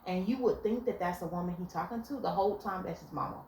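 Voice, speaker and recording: A woman's voice: fairly low pitch, fast, slight background noise. A young woman giving blunt relationship advice in a casual vlog, telling stories animatedly and cursing freely. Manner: blunt, animated storytelling with profanity. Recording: echoey room with faint ambience.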